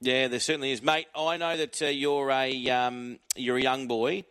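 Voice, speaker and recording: A man's voice: medium pitch, level tone, normal speed, fairly bright tone, smooth. A man with an Australian accent hosting a racing radio show, chatty and matey in a casual interview. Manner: matey and chatty, says "mate" often.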